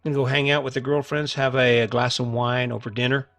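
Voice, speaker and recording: In a quick, level, mid-range voice with a fairly bright tone, a middle-aged podcast host delivers a motivational monologue on his own over soft background music. He addresses listeners earnestly and casually, often repeating himself and restarting what he's saying.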